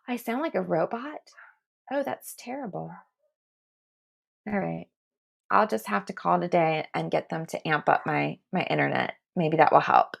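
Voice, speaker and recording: On a casual livestream from home, a tarot reader gives spiritual readings into a computer mic, sounding chatty and reassuring and laughing often. Her voice is fairly low and animated, with vocal fry and a measured pace.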